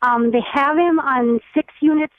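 A woman's voice: sits high, a little slow, no room sound. A woman caller, asking a question hesitantly with many ums over a phone line. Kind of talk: phone call to a radio show.

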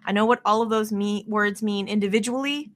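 A woman's voice: medium pitch, brisk. A woman in her thirties from Las Vegas, a podcast guest telling a casual, self-deprecating story.

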